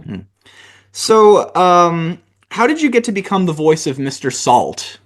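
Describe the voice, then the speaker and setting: A man hosting a podcast interview, speaking casually and haltingly with many fillers and restarts. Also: high-pitched, sing-song. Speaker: podcast host.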